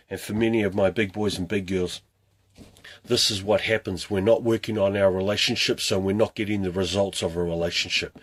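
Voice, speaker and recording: A man's voice: fairly low pitch, a bit bright, breathy edge. A man talking to camera as a fitness coach, urging viewers with a string of earnest rhetorical questions. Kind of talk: motivational talk to camera.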